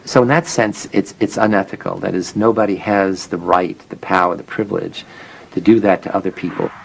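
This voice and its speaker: A man's voice: sits low, fairly even intonation, a little fast, gravelly, slight background noise, low-quality recording. An older man being interviewed as a psychologist, reflective and self-critical.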